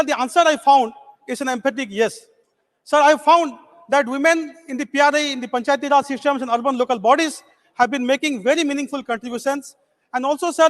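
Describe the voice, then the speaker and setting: A man delivers a formal speech on the floor of a parliament, opening almost every phrase with "sir". His voice sits unusually high for a man. It carries the long, hanging reverb of a large legislative chamber. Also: a bit bright. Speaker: member of parliament.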